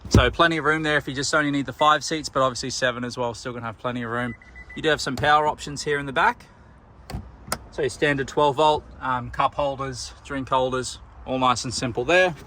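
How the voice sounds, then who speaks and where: A man with an Australian accent, a car salesman giving a relaxed walkaround tour of a vehicle, pointing out features as he goes. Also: medium pitch, brisk, a little hiss or hum. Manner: relaxed, plain-spoken, pointing things out as he goes. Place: outdoors around a car, then inside it.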